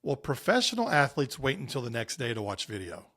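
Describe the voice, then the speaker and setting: A man's voice: mid-range voice, sing-song, fairly quick, a bit bright. An earnest man in his thirties talks as a guest on a podcast about youth sports. His voice sits in an ordinary middle range. He speaks with conviction and often restarts a phrase to press a point. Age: 30s. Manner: earnest, emphatic storyteller with frequent restarts. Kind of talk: conversational interview.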